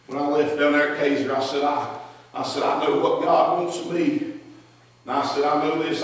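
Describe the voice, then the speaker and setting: A man preaching a sermon in a church, telling stories with fervent repetition. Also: mid-range voice. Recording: echoey hall, distant mic.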